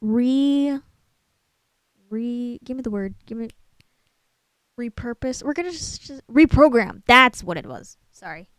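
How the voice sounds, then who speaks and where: A young woman hosting her own channel talks casually about a film, rambling, poking fun at herself, and searching aloud for words. Her fairly high, somewhat bright voice has lively intonation and a measured pace with long pauses, recorded dry.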